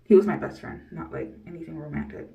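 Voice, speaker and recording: A woman's voice: low voice, quick pace, warm tone, dull audio. A young woman in her early twenties vlogging candidly, rambling and blunt, cursing without a second thought. Her voice sits a touch away from the microphone, so it sounds slightly distant. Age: early 20s. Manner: blunt, rambling, swears freely, laughs often. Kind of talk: candid personal storytelling to camera.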